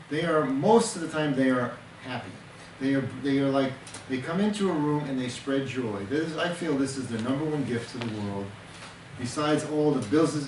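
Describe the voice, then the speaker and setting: A male counselor talks earnestly in a plain, mid-range voice, often repeating a word for emphasis as he teaches. He sits away from the microphone in a reverberant room, and steady background noise runs under his speech. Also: mid-range voice. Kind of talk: conversational teaching talk. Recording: roomy, distant mic with background noise.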